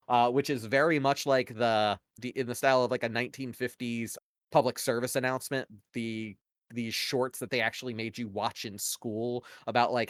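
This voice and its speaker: A man's voice: mid-range voice, clean tone, no room sound, clean studio sound. Opinionated man in casual podcast talk. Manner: rambling, heavy use of "like" and "you know" fillers; opinionated, argues points at length. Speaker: podcast co-host. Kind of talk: casual conversational analysis.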